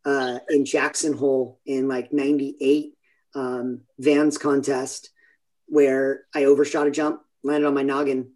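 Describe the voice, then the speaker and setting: This Californian man in his forties has a mid-range, slightly mellow voice. He's a podcast guest in a casual interview, telling stories in a rambling way and often interrupting himself.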